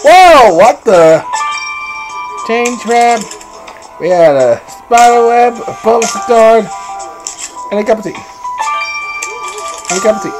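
A woman streamer chatting casually as she plays, giggling often and breaking into loud exclamations. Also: fairly high pitch, expressive, slow, pauses often, low-quality recording. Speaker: gameplay streamer. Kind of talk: casual game commentary. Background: game music.

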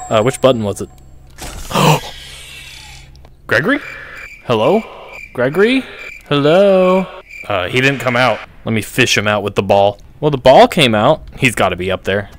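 A young man giving playful, excitable commentary while playing a VR game. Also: mid-range voice, unhurried, pauses often, a little hiss or hum. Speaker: gaming YouTuber. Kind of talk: VR gameplay commentary.

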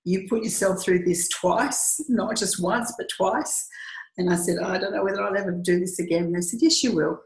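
A middle-aged Australian woman tells a personal story in an earnest, reflective way, acting out what people said. Her voice sits at an ordinary pitch for a woman. The room around her is noticeably echoey. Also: steady tone, moderate pace. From Western Australia. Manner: earnest, reflective, acts out quoted dialogue. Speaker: group tour leader.

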